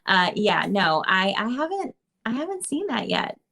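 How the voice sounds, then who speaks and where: Soft-spoken woman guest, animated pitch. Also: moderate pace, vocal fry, a loud crowd. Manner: soft and hesitant. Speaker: podcast guest. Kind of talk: casual chat.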